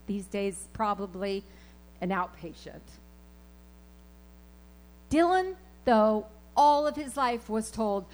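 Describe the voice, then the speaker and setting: A woman preaching a sermon, telling personal stories in an animated, emphatic way and repeating her key phrases. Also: medium pitch, a little slow, pauses often, low-quality recording.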